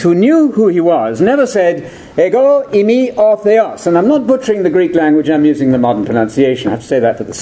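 A man's voice: on the high side, warm tone, a little hiss or hum. An older man giving a theological lecture, digressive and full of rhetorical questions.

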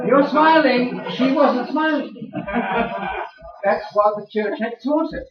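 An older man with a very high, animated voice delivers a sermon-style lecture to a church audience, teasing them with questions at a slightly slow pace. The large room is echoey and has crowd noise, and he sounds far from the mic, giving a dull sound.

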